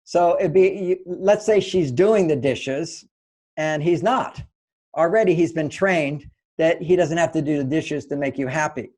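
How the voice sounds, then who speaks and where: Older male advice author, mellow and slightly high-pitched, patient teaching manner. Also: a little slow, rough recording. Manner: gentle, explanatory, acts out little dialogues. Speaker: relationship author and guest. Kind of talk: conversational advice interview.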